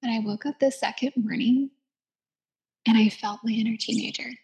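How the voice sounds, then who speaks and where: A woman's voice: a little high, fairly even intonation, normal speed, gravelly, darkish tone. A woman yoga instructor giving a casual, reflective self-help talk. She says "like" often, laughs easily and sometimes drops to a whisper.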